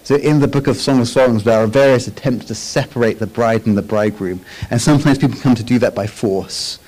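A man's voice: medium pitch, brisk, a little mellow, rough recording. A man giving a conversational Bible teaching with slides, often checking in with listeners and restarting his phrases. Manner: chatty, frequent tag questions and restarts.

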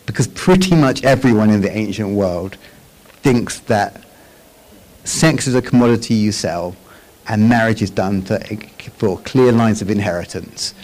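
A man's voice: lowish voice, measured pace, darkish tone, poor audio. A man giving a conversational Bible teaching with slides, often checking in with listeners and restarting his phrases. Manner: chatty, frequent tag questions and restarts.

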